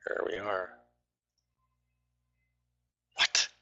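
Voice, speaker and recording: A man's voice: sits low, flat delivery, takes it slowly, vocal fry, long pauses, sharp tone. A man talking through live trades on a stream, grumbling and swearing at his trading platform.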